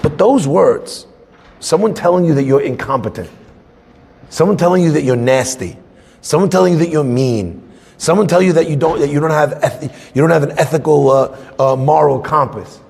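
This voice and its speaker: A man teaching a Torah class as a rabbi, conversational and animated, acting out little scenes. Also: fairly high pitch, normal speed, creaky, husky, big-room sound.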